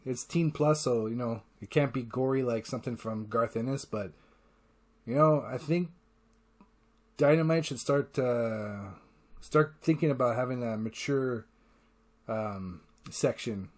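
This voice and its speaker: A man hosting a casual solo podcast, rambling with enthusiasm and swearing freely. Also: medium pitch. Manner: enthusiastic, profane, rambling retelling; acts out character lines in quick voices. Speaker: podcast host.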